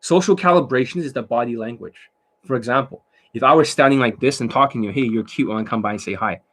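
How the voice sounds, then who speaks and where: A man giving a casual coaching talk on dating, blunt and profane, who keeps checking in with the listener through rhetorical questions. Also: mid-range voice.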